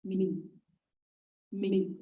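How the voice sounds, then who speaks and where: A woman teaching basic Vietnamese words in an online lesson, repeating each word slowly for practice. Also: mid-range voice, flat delivery. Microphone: video call. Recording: echoey distant lo-fi call audio.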